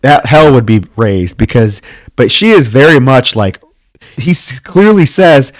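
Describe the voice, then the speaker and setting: A man's voice: mid-range voice, a little slow, no echo. A man co-hosting a podcast, casually recapping a horror film and acting out the characters' lines. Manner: animated retelling, acts out the characters' lines. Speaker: podcast co-host. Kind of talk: casual film-review chat.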